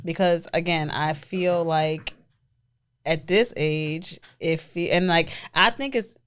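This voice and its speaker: A woman's voice: fairly low pitch, takes it slowly, fairly bright tone, smooth. A woman in her early thirties co-hosting a podcast, talking casually in a rambling way full of fillers. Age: 30s. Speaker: podcast co-host. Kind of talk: casual chat.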